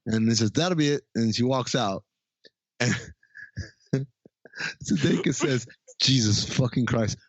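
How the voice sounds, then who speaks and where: A man's voice: medium pitch, expressive, measured pace, long pauses, dry recording, lo-fi sound. A man co-hosting a podcast, narrating a movie's plot and acting out the characters' lines. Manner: storytelling, acts out characters' lines. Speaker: podcast co-host. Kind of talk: casual movie recap chat.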